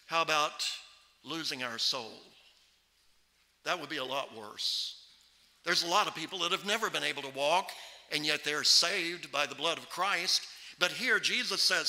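A male preacher with a high, bright, forceful voice delivers a sermon into a microphone. He talks emphatically and slows almost to a crawl on key words of scripture. The sound rings with the long reverb of a church hall. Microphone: microphone on a stand.

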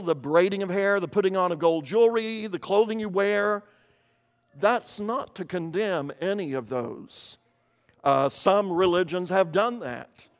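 A man's voice: high voice, in a large hall. An older man from eastern Kentucky preaching a sermon, explaining scripture earnestly and often repeating words as he restarts.

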